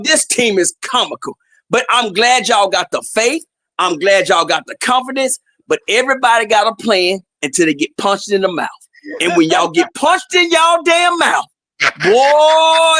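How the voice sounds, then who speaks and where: A man, shouting and teasing in a boisterous sports chat. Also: extremely high pitch, no echo. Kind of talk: loud trash-talking sports chat.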